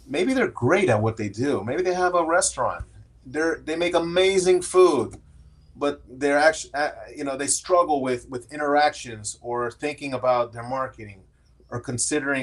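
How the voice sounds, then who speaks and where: A man's voice: fairly high pitch, moderate pace. A man, a guest in an interview, talking candidly and earnestly about his own work life and slipping into quoted voices as he tells it. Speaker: guest, AI strategist. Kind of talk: conversational interview storytelling.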